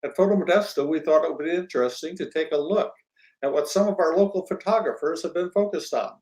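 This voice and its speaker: A man hosting an interview show, who speaks in a friendly, unhurried way with hesitant fillers. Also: fairly high pitch, darkish tone, poor audio. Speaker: host.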